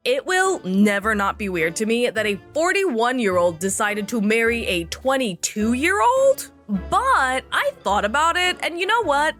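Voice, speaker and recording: Snarky woman with a lively voice, music behind. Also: a little high. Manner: snarky, mocking, puts on silly voices for quotes. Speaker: recap host. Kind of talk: sarcastic reality TV recap commentary.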